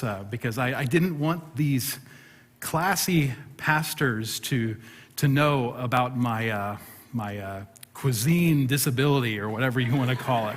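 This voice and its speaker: A man's voice: mid-range voice, a bit bright. A middle-aged man, a pastor, preaching a sermon and telling a self-deprecating story with humor. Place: church sanctuary. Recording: long hall reverb.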